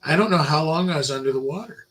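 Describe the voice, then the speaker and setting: Older guy bible teacher, rambly stories, gets loud then drops quiet, kinda high voice. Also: quick pace, rough recording. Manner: rambling and anecdotal, swinging from loud emphasis to low asides. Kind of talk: informal Bible lecture.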